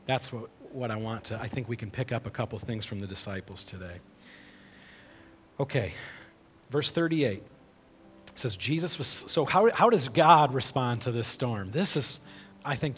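A man with a mid-range, fairly bright voice speaks at normal speed, with slight background noise and long hall reverb. He's a pastor preaching a sermon conversationally, frequently checking in with "right?".

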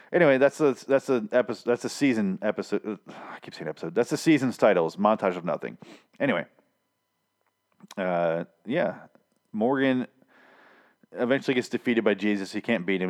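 Hoarse, exasperated man ranting. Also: lowish voice. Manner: exasperated, profane, repetitive. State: hoarse, losing his voice. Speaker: TV show reviewer. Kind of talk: casual ranting review.

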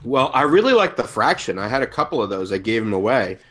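An easygoing man co-hosting a podcast in casual chat. His voice sits at an ordinary middle pitch. He jokes around as he talks. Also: big pitch swings, fast talker, a bit bright. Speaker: podcast co-host.

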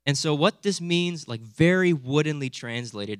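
A young man preaching a sermon in an animated, conversational way, often checking in with his listeners with quick asides. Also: on the high side, no room sound, studio quality. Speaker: pastor.

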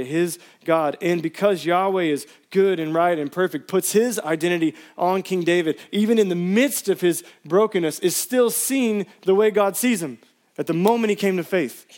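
A man preaching a sermon, impassioned, climbing to pleading highs and then dropping quiet and intimate. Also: moderate pace. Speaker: pastor.

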